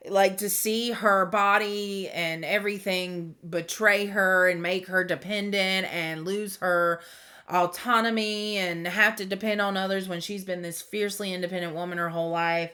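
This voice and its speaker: A woman giving a tarot reading to camera, speaking in a heartfelt, reflective way with pauses and fillers. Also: medium pitch, fairly even intonation, pushed and bright. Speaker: tarot reader.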